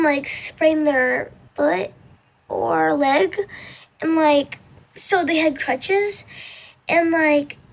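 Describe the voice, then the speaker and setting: A young woman vlogger telling a storytime in casual, rambling chat, full of "like" and acting out the quoted voices in loud, high bursts. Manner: rambling, filler-heavy storytelling with many "like"s.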